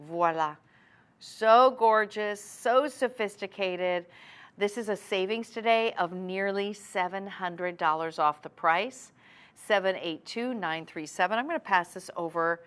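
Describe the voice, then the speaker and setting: A woman hosting a TV shopping show, giving a chatty, enthusiastic sales pitch. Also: a bit bright, clean tone. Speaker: TV shopping host.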